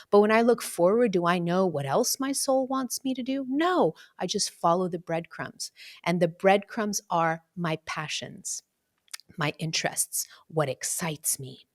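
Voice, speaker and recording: A woman speaking casually about spiritual purpose, chatty and full of fillers, sometimes acting out other voices. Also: medium pitch. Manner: chatty, many fillers, acts out quoted voices. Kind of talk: casual reflective talk.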